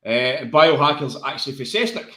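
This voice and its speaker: A man's voice: mid-range voice, lively intonation, brisk, pushed and bright. A man with a Glasgow accent co-hosting a football podcast, chatting bluntly and swearing like a mate at the pub. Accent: Scottish, Glasgow area. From Scotland. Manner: blunt, swears freely, matey. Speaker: podcast co-host. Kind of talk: casual football chat. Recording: echoey room.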